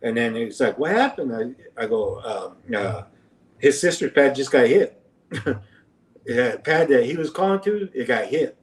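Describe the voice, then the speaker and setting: A male podcast guest rambles through a casual anecdote, full of filler words, acting out quoted lines in a higher voice. He speaks slowly with lively intonation, and the recording sounds roomy and off-mic, as if he's far away.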